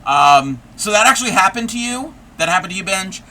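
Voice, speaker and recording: Male stream host, casual crafting chat, slightly high, very bright tone, rambling and laugh-prone. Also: expressive, a little fast. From United States. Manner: rambling, chatty, laughs often. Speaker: livestream host. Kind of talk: casual livestream chat while crocheting.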